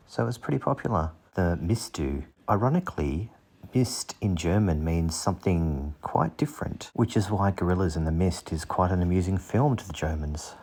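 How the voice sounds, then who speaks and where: A man's voice: sits low, breathy edge. A man casually talking through fantasy monster art, joking and making puns along the way. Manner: jokey, punning, self-deprecating. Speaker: channel host.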